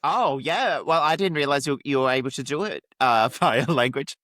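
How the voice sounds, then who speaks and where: Australian man, podcast co-host: mid-pitched, loose, chatty delivery, dry close mic. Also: normal speed, fairly bright tone, dry recording. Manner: chatty, hedging, laughs along. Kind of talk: casual recap chat.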